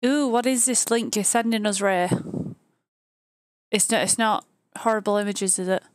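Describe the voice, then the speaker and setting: A talkative woman with a Northern English accent, co-hosting a casual live stream. She chatters freely and lights up quickly. Her voice sits mid-range and sounds dry and close. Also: medium pitch, clear, resonant tone, no echo. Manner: chatty and talkative, easily excited.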